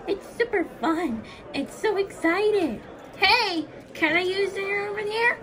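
A woman narrating a toy play video in an excited, sing-song, cheerful way. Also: very high voice, takes it slowly. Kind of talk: playing with toys and voicing them.

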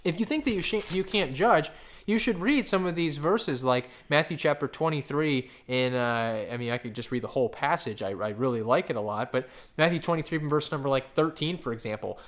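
A male pastor delivering a sermon in a somewhat high-pitched voice, pressing his points with rhetorical questions. He often stammers and restarts mid-phrase and keeps an emphatic, conversational push throughout. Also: animated, fairly quick.

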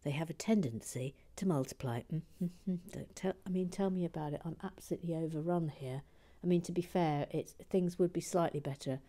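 A woman with a low voice chats casually while building, reading out viewer messages as she goes. Her tone is soft and self-deprecating. She slips into whispered asides, with plenty of "uh"s and restarts. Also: a little fast, hardly any pauses. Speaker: livestream host.

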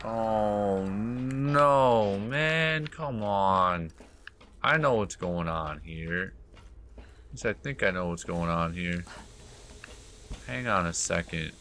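A man's voice: deep voice, a little slow, creaky, pauses often, bright, forceful tone. A man doing casual commentary over a game playthrough, muttering in exasperation and swearing often. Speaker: gameplay host. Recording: noisy home recording.

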